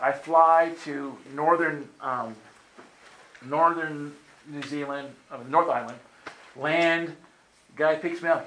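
Animated male preacher in a roomy hall. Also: on the high side, slight background noise. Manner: animated storyteller acting out voices. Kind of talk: storytelling sermon. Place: meeting room with audience.

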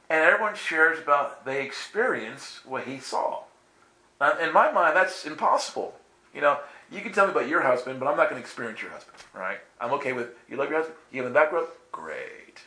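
A man's voice: a little high, lively intonation, a little fast, sharp tone. A man animatedly telling a faith story, acting out dialogue and laughing often. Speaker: guest telling a testimony. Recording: echoey room with faint ambience.

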